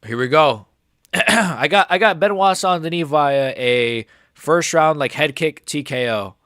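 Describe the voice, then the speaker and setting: A man's voice: a little high, unhurried, fairly bright tone, dry recording, studio quality. A man hosting a live stream, reacting to a fight in a casual, rambling, profane way.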